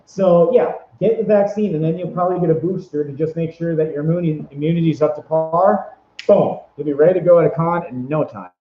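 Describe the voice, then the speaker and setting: A man's voice: a little high, a little fast, faint music behind. Rambling upbeat guy in an echoey room. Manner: rambling, upbeat, many fillers and restarts. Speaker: vlogger giving convention tips. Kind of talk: casual advice vlog. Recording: echoey room, dull lo-fi sound.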